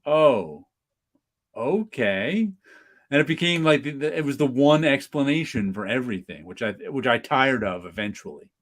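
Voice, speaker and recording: A man hosting a casual podcast chat, joking and slipping into mock voices. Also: medium pitch. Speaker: podcast host.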